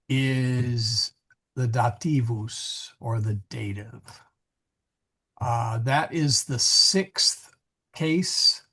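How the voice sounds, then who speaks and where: A man's voice: mid-range voice, fairly bright tone. A man leading an online Latin reading group, explaining grammar patiently and correcting himself as he goes. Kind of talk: casual online class.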